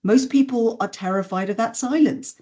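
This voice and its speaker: A woman, a voice and communication skills trainer, explaining communication habits in a podcast interview in a measured, instructive way. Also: on the high side, dark tone. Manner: measured, instructive, demonstrates intonation examples.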